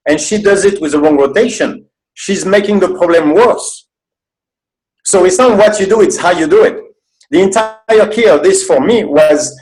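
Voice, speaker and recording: A man's voice: a little high, darkish tone, low-quality recording. A man with a French accent, a guest strength coach on a podcast, explaining training with earnest, plain-spoken detail. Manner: earnest, explanatory, swears casually.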